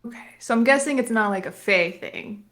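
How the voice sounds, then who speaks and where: A woman's voice: fairly high pitch, brisk, fairly bright tone. Upbeat woman playing a tabletop game. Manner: casual, upbeat, filler-heavy. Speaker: player. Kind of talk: in-character tabletop roleplay.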